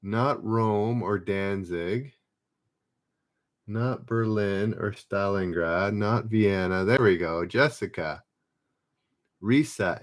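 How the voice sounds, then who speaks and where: A man with a fairly low, slightly bright voice hosts a live-streamed pub quiz. He reads the trivia questions aloud and chats while calling out players' names.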